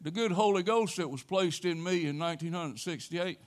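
An older man preaching a sermon, telling a personal story in a folksy way with sudden loud exclamations. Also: high voice, moderate pace. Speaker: pastor.

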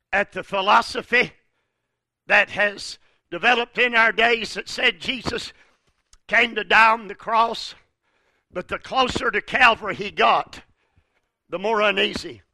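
High, gravelly preacher man. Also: no room sound. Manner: builds to fervent shouts, halting restarts. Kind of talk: fervent sermon.

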